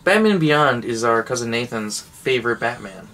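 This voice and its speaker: Casting: man, mid pitch, casual wisecracking co-host, faint room noise behind. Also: expressive, a bit bright. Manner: wisecracking, quick asides. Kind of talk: casual chat.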